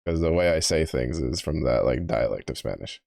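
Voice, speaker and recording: A man's voice: a bass voice, lively intonation, fairly quick, creaky, darkish tone, no room sound, studio quality. A man with a Texan accent streaming a game, talking in a rambling, casual way and swearing often. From Texas. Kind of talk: casual chat.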